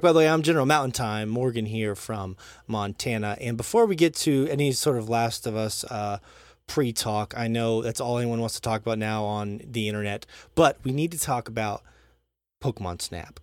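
A man hosting a casual gaming podcast, animated and quick to swear as he steers the talk. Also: mid-range voice, no room sound. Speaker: podcast host. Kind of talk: casual chat.

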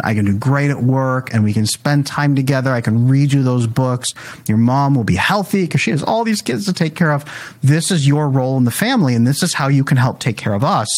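Husky man, animated storyteller. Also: mid-range voice. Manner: animated storyteller acting out dialogue with his kids. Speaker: guest parenting speaker. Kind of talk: casual podcast conversation.

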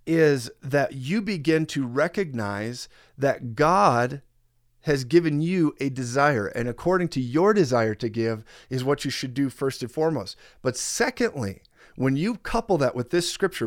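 A man's voice: medium pitch, no room sound. Earnest preaching man, dry sound. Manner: earnest, emphatic, repeats key phrases. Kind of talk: teaching sermon.

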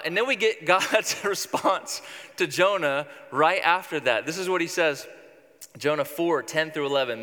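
A man's voice: fairly high pitch, sharp tone. Wry man preaching in a reverberant hall. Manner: conversational, wry storytelling. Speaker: pastor. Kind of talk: sermon.

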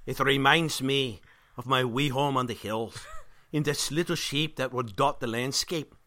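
A man's voice: medium pitch, a little slow, pushed and bright. A man voicing a sentimental Scottish preacher, with a mock Scottish accent and a dreamy, sing-song, folksy delivery.

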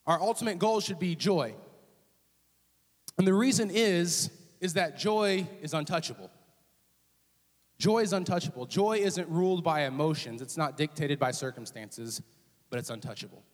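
A young man preaching a sermon, casual and joking, slipping into quick voiced asides. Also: a little high, animated, big-room sound. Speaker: student ministries director preaching. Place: church auditorium.

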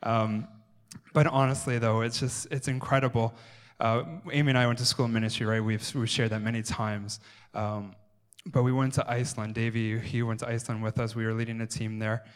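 A male pastor speaks to his congregation in a level, flat voice. He is emotional and rambles, often breaking off and starting his sentences again. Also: medium pitch, fairly quick, smooth. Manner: emotional, rambling, stops and restarts phrases. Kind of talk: sermon-style address. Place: church sanctuary.

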